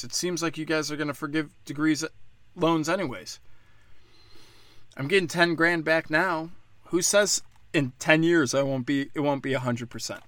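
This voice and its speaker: A man's voice: fairly high pitch, fairly bright tone, no room sound. A man from Pennsylvania delivering a solo political rant, profane and mocking, firing off sarcastic rhetorical questions.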